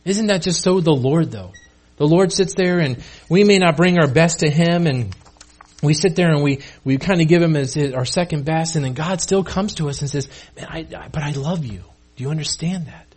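A man with a fairly high, husky voice preaches in a relaxed, chatty style. He stumbles and repeats himself as he talks his way through the passage, addressing listeners directly. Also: moderate pace. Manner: casual, conversational preaching with many restarts. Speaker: pastor. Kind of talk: sermon.

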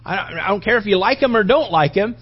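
High-voiced rambling male preacher. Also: lively intonation, quick pace, slightly rough. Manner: joking, rambling, with restarts. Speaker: pastor. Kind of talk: conversational sermon. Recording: dull lo-fi sound.

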